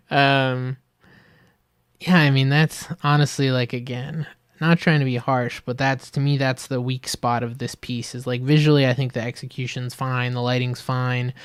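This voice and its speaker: A man giving a casual, rambling critique of an ad, full of fillers, who acts out little scenes in higher voices. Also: smooth, dry recording, studio quality. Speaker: video critic reviewing ads.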